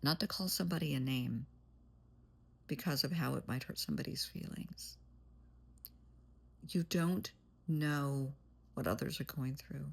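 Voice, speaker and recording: A woman's voice: extremely low pitch, a little slow, creaky, long pauses, slightly rough. A woman therapist giving blunt, plain-spoken advice in a monologue, calling the listener "honey". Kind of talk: motivational monologue.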